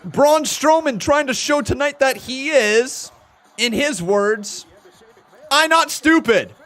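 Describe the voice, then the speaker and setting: A man hosting a live watch-along stream, giving animated, joking reactions and commentary. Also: very high-pitched, slow. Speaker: host.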